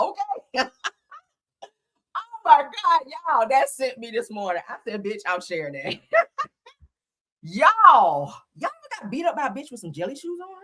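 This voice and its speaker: Laughing, profane woman gossip host. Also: on the high side. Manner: loud, laughing, profane, talks straight to viewers. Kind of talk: casual gossip commentary.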